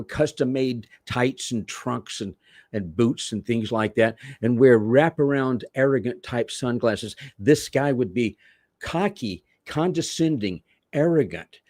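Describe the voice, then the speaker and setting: A man from Manchester, England, telling rambling, animated stories as a wrestler guest in an interview. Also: medium pitch, no echo, clean studio sound. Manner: rambling, animated, self-correcting storyteller. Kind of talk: interview storytelling.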